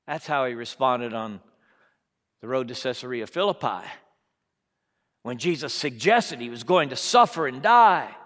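A man preaching a sermon, acting out voices from the story and swinging between hushed, drawn-out lines and loud ones. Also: medium pitch, animated, in a large hall.

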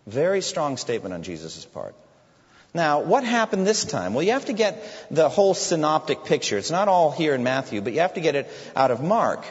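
A man preaching a sermon, expressive, dropping low and quiet when he quotes Jesus. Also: a little fast. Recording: dull echoey hall recording.

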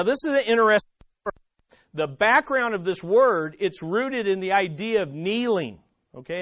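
A man with a high voice preaches to his congregation, pausing to ask them questions and hammering key words through repetition. The sound is dry and close, with no room around it. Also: no room sound. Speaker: pastor. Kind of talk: sermon.

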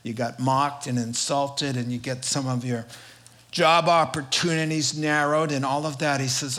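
A man's voice: medium pitch, fairly even intonation, normal speed, fairly bright tone. A man preaching a sermon, telling a story with emphasis and building repetitive rhetorical lists.

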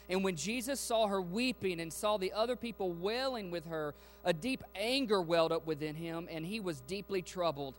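A man preaching a sermon to a congregation. He swings from hushed, quiet passages to loud, fervent ones and asks the listeners direct questions. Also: high-pitched, moderate pace, hardly any pauses, faint music behind. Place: church sanctuary.

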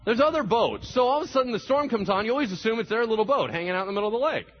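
A male pastor preaches with a lively, swinging delivery, acting out the voices of people in the story. His voice sits a little high and has a husky edge. The recording sounds dull and lo-fi. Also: rapid-fire. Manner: animated, acts out voices in the story. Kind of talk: sermon.

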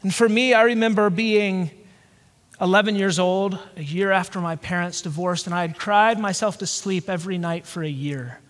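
A man from the American South preaching a sermon, earnest and reflective, with slow pauses. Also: high-pitched, a bit bright. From Georgia, USA. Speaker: pastor. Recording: long hall reverb.

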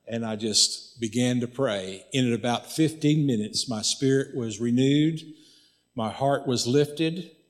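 A man's voice: medium pitch, measured pace. Pastor, male, folksy conversational sermon delivery with lots of repetition.

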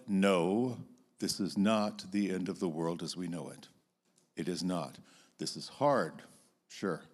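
A middle-aged man giving an earnest, expressive teaching talk as a Christian speaker, standing before an audience. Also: on the low side. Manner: earnest and expressive, acting out emotional outbursts.

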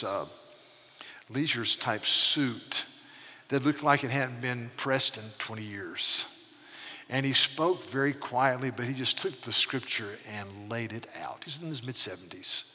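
A man's voice: mid-range voice, pushed and bright. A man in his sixties preaching a sermon as pastor, earnest and emphatic, often repeating words as he restarts a thought. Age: 60s. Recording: long reverb of a large hall.

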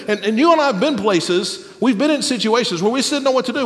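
A man preaching a sermon as pastor, animated, then dropping to a soft, quiet voice for tender moments. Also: very high-pitched, quick pace, hardly any pauses. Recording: long hall reverb.

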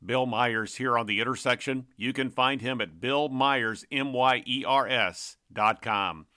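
A man hosting a podcast, reading a smooth, announcer-like introduction. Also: medium pitch, unhurried, pushed and bright, dry recording, clean studio sound. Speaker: podcast host.

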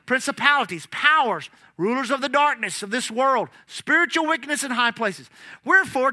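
A man's voice: extremely high pitch, dry recording. A man preaching a sermon, telling stories and calling out "amen" as he goes. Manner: animated, repeats lines, calls out "amen". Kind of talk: sermon with storytelling.

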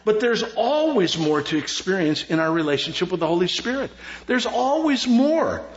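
A middle-aged man, preaching a sermon as pastor in an animated, joking way with lots of repetition. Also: high-pitched, moderate pace, roomy sound. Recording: dull lo-fi sound.

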